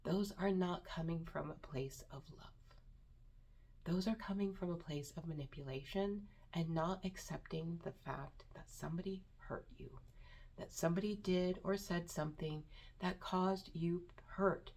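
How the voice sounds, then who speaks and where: A woman vlogger giving personal advice to the camera, earnest and emphatic, repeating words for stress and sometimes dropping to a hushed near-whisper. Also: lowish voice, unhurried. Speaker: self-improvement vlogger.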